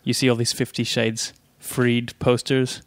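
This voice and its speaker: A man co-hosting a podcast at an ordinary middle pitch, chatty and quick to find things funny. He tells his stories with animation. The sound is close and dry. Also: no room sound. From South Africa. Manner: chatty, easily amused, animated storyteller. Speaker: podcast co-host. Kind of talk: casual chat.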